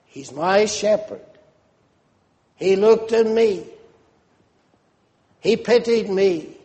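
A man preaching a sermon in a measured, emphatic way, repeating phrases for stress. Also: high-pitched, dark tone. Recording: long reverb of a large hall.

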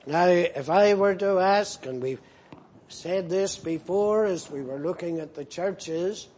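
A man's voice: high voice, slow pace, darkish tone, slightly rough. A man pastor preaching an earnest, rebuking sermon with emphatic repetition.

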